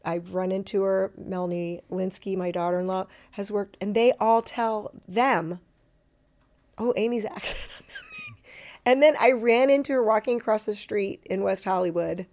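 A middle-aged woman talking casually as an interview guest, her pitch sitting in the ordinary middle range for a woman. She tells stories in an animated way, mocks herself and breaks off into quick asides. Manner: animated, self-deprecating storytelling with quick asides.

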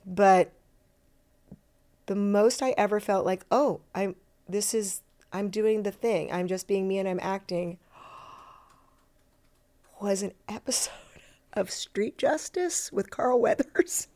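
Animated, self-mocking woman telling stories. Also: medium pitch. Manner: animated, self-deprecating storytelling with quick asides. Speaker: actor and interview guest. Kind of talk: casual interview chat.

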